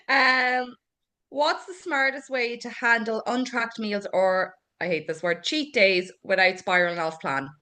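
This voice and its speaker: A woman co-host reads out listener questions. Her voice sits a touch high, and her delivery is playful and light. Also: fairly even intonation, measured pace, pushed and bright. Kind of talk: casual podcast chat.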